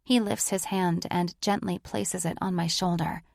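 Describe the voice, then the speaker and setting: Woman narrator, first-person romance audiobook, somewhat low voice, gravelly, dry close mic. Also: steady tone, measured pace, a little mellow, dry recording. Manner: intimate, emotive first-person reading.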